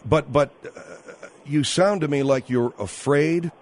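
A man's voice: on the high side, slow. A man hosting a talk radio show, questioning a guest and interrupting with pointed questions.

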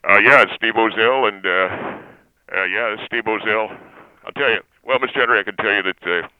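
A man voicing a slow, vague male comic character who stumbles and trails off mid-sentence. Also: lowish voice, clean tone, no room sound, narrow, tinny audio, lightly acted. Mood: deferential. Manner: halting, trailing off, stumbling on words.

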